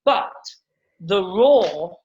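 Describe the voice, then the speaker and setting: A middle-aged man, a comedian, telling stories in a casual interview, animated and quick to repeat words and act out what others said. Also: high voice. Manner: animated storyteller who acts out quotes and repeats words. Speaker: comedian guest. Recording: dull lo-fi sound.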